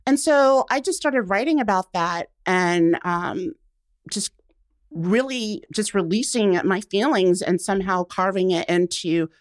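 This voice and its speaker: Young adult woman, animated, conversational podcast guest; dry studio sound. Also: mid-range voice, unhurried, no room sound. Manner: expressive, acts out quotes, laughs often. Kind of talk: casual interview chat.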